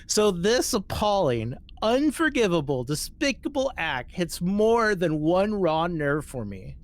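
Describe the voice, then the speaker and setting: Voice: medium pitch, very animated, unhurried. A podcast host reading a social media post aloud and mocking it, swearing casually and laughing between lines.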